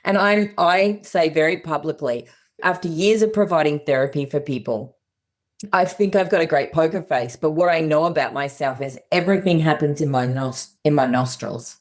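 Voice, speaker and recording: Podcast guest: middle-aged woman, earnest, plainspoken, slightly low voice. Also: normal speed. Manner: earnest, plainspoken, acts out dialogue in quotes. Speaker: guest psychologist. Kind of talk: podcast interview.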